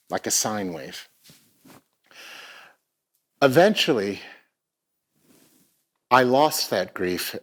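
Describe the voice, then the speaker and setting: A middle-aged man speaking on stage at a live arts event, telling a personal story in a reflective, halting way, often repeating words as he searches for them. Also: lowish voice. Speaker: festival speaker.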